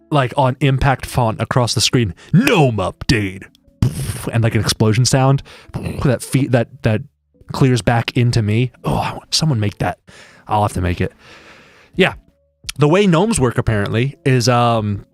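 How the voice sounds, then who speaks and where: A man's voice: medium pitch, no echo. Rambling jokey male streamer. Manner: rambling, jokey, many restarts. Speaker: live streamer. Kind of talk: casual live-stream chat.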